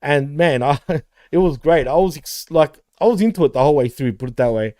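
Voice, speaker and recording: Male podcast co-host, relaxed and profane, dark tone, close dry sound. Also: on the high side, brisk, no echo. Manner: laid-back, swears freely, laughs often. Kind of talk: casual wrestling podcast chat.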